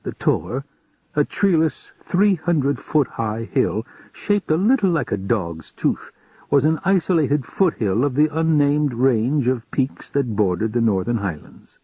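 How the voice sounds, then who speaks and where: Husky male audiobook narrator. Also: medium pitch, no echo. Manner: calm, measured storytelling. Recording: dull lo-fi home recording.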